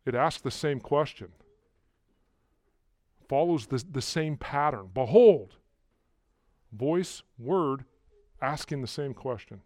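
A man preaching a sermon to a congregation, walking through verses and rising loudly on key words, often repeating himself. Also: mid-range voice, takes it slowly, pauses often, no room sound, clean studio sound. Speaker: pastor.

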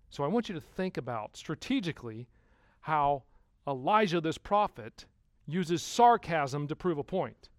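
A man preaching a sermon as pastor, putting rhetorical questions to the congregation and swinging from hushed to loud. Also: a little high, very animated, unhurried, dry recording, clean studio sound.

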